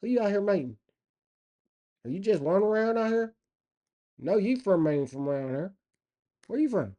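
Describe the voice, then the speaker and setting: A man's voice: sits high, animated, moderate pace, mellow, pitched above the performer's own voice. A man voicing a hostile rural country man who questions a stranger with a drawl, repeating "boy". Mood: suspicious.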